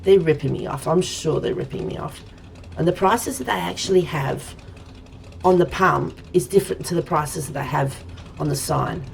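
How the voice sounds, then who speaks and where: Gravelly low-voiced Australian woman streamer. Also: normal speed, a little hiss or hum. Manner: chatty and rambling, talking to viewers while playing. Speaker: game streamer. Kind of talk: casual let's-play chat.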